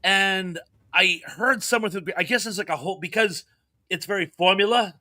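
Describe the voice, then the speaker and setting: Bright, sharp-voiced man chatting. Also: high voice, moderate pace, dry recording, studio quality. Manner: chatty, fond of anecdotes. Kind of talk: casual chat.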